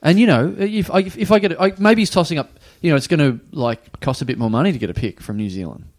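Giggly stammering man, lively pitch. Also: fast talker. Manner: excitable, stammering restarts, giggly. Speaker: podcast co-host. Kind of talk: casual comedy podcast banter.

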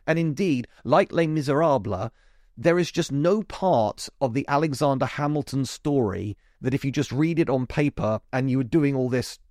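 A man's voice: medium pitch, a little mellow, dry recording. Man, podcast host, casual and digressive, dry close recording. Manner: chatty, digressive, emphatic asides. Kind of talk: casual chat monologue.

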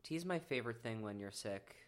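A man's voice: mid-range voice, lively intonation, a little fast. A man co-hosting a podcast in casual chat, easygoing and thinking aloud with hesitant fillers. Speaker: podcast co-host.

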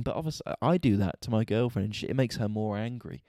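A man vents through a casual, swear-heavy monologue, his voice sitting fairly low and sounding soft and mellow. He sounds exasperated and animated as he tells his story, recorded close and dry with almost no room sound. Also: fast talker, no echo. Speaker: podcast host and stand-up comedian.

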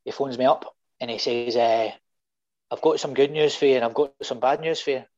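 Middle-aged Scottish guest, lively yarn-spinner, mid pitch, muffled audio. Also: male voice, brisk. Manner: animated anecdotes with swearing and voiced quotes. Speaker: guest fan. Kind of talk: casual storytelling.

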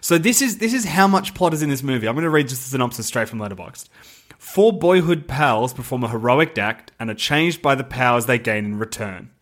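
A man, co-hosting a casual film discussion, animated and laughing as he recounts a movie's plot. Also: mid-range voice, a little fast. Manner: animated, laughing, reads plot synopsis aloud. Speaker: podcast co-host.

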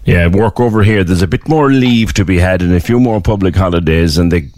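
A man hosting a radio interview, asking questions with lively interest. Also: deep voice, brisk, no echo, clean studio sound. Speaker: radio host.

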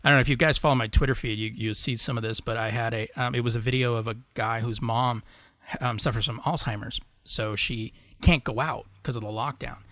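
A man with a bright, forward voice of middling pitch chats on a podcast, drifting through long stories with plenty of casual swearing and easy laughter. The sound is close and dry, with no room around it. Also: steady tone, a little fast, no room sound. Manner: rambling storyteller, swears casually, laughs often. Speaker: podcast co-host. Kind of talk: casual chat.

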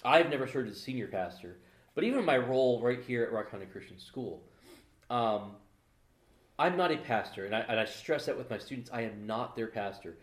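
A man's voice: medium pitch, expressive, a little fast, echoey room. A man co-hosting a podcast, chatting casually and joking, with many restarts. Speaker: podcast co-host. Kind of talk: casual chat.

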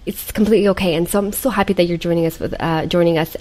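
A woman's voice: on the low side, fairly even intonation, rapid-fire, hardly any pauses, mellow. Gushing woman hosting a live show. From Ukraine. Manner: effusive, gushing praise. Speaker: host. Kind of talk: live show host reading viewer comments.

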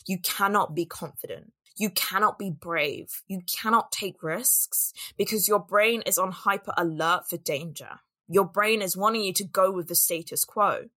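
A woman's voice: mid-range voice, moderate pace, pushed and bright. A woman business coach giving an earnest, reflective solo talk on self-worth and voicing the doubts in people's heads.

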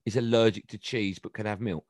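A middle-aged English man chatting on a podcast, telling stories with a teasing, animated manner. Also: on the low side, fairly quick, no room sound, studio quality. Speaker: guest. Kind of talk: casual podcast chat.

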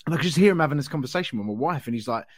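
A man's voice: a little high, lively intonation, rapid-fire, no room sound, studio quality. A man, a comedian and promoter, chatting casually on a podcast, swearing freely and acting out what people said. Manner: swears freely, acts out quotes in a raised voice.

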